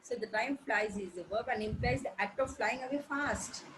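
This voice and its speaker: A woman teaching an English vocabulary lesson, explaining slowly, spelling words letter by letter, with frequent pauses and fillers. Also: a little high, noisy background. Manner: hesitant, with frequent fillers and self-corrections.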